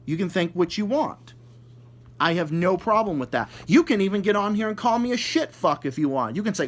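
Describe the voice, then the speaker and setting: A man delivers a heated rant straight to his audience, cursing constantly and tripping over repeated words. His voice sits a bit high for a man, and it turns biting and sarcastic when he jabs at people he disagrees with. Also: big pitch swings, fast, a bit bright. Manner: mocking, sarcastic. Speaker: vlogger ranting to viewers. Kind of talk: angry profane rant.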